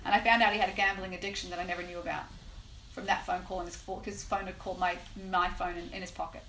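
A woman teaching a class on prayer, telling a personal story in an animated way with lots of "like" and "right?". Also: fairly low pitch, fast. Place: room with a live class. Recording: echoey room, faint noise.

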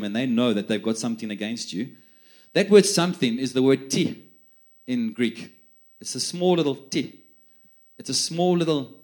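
In a darkish, mid-range voice, a middle-aged man from South Africa delivers a sermon. His storytelling is conversational and full of repeated words whenever he restarts.

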